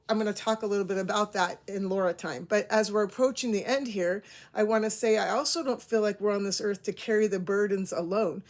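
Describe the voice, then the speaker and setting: A woman in her forties hosting a casual storytelling monologue, chatty and prone to rambling. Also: medium pitch. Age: 40s. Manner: rambling, self-aware, chatty. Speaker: host.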